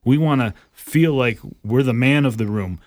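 A man's voice: medium pitch, moderate pace, dry recording, clean studio sound. A man co-hosting a faith podcast, speaking in an encouraging, preacherly way. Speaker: podcast co-host. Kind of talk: casual faith podcast chat.

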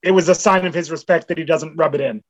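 A man's voice: on the high side, fairly even intonation, quick pace, husky, no room sound, lo-fi sound. A man co-hosting a podcast, chiming in briefly in casual chat. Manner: brief interjections, laughs along. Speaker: podcast co-host.

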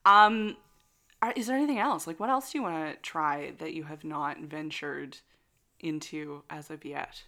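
A woman's voice: low-pitched, moderate pace, sharp tone. A woman co-hosting a podcast in casual chat, enthusiastic and swearing freely. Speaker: podcast co-host.

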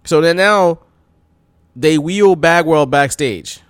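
A man's voice: a little high, slow, clear, resonant tone, dry recording, clean studio sound. A man co-hosting a casual wrestling podcast, telling stories with energy and acting out quotes. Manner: animated storytelling, acts out quotes in a raised voice. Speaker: podcast co-host.

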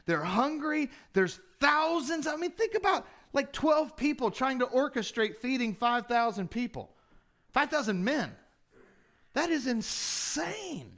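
A man's voice: high-pitched, a bit bright. A male pastor preaching a sermon in a conversational way, with rhetorical questions and humorous asides.

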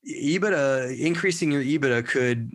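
A man's voice: medium pitch, normal speed, no echo. A man with a Southern US accent co-hosts a podcast in casual, jokey chat. He restarts and repeats words as he explains. The mic sound is close and dry. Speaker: podcast co-host.

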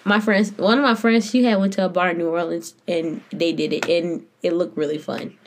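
A woman's voice: on the low side, fairly even intonation, a little fast, a little hiss or hum. A young woman co-hosting a podcast, talking casually in blunt, swearing, giggly banter. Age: young adult. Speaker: podcast co-host. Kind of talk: casual chat.

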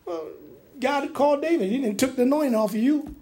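A man preaching a sermon, animated and humorous, with laughing asides and colloquial speech, acting out the lines he quotes. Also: extremely high pitch, fairly quick. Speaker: pastor.

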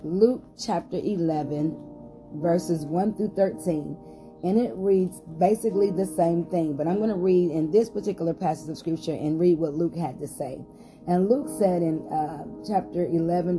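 A woman pastor hosting a short podcast Bible study, reading scripture aloud with rising emphasis and some hesitant fillers. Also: on the low side.

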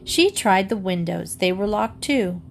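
A woman reads a children's book aloud in a lively storytelling voice. Her pitch sits in the middle range. A faint hiss runs under the recording. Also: a little slow, vocal fry. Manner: lively storytelling, raises pitch for the girl's lines. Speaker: reader.

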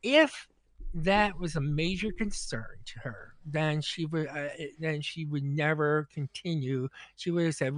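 A man's voice: a little high, sing-song, normal speed, dry recording. A man in casual group chat, bluntly telling a story and acting out both sides of the dialogue. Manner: blunt, profane.

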